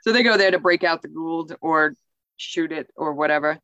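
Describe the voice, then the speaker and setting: A podcast co-host recapping a TV episode in casual chat, peppered with "like" and quick laughs. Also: medium pitch, sharp tone, no room sound, dull audio. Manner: chatty, says "like" often, laughs easily.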